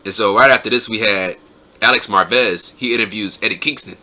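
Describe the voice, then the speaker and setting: A man's voice: on the low side, a little fast, bright, forceful tone. A man hosting his own show, giving a casual, enthusiastic spoken recap and often repeating his words. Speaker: show host reviewing wrestling episodes.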